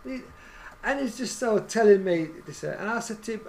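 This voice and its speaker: A man's voice: sits high, expressive, a little fast, a little hiss or hum. A man, co-hosting a podcast and telling a rambling story with many restarts. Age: 60s. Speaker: podcast co-host. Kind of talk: casual chat.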